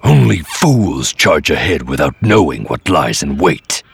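A man's voice: very deep voice, animated, moderate pace, husky, full character voice. A man voicing a grim, wary male Sith warrior who speaks in a clipped growl. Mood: tense.

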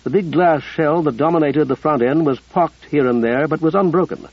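Husky male audiobook narrator. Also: fairly high pitch, moderate pace, dry recording, muffled recording.

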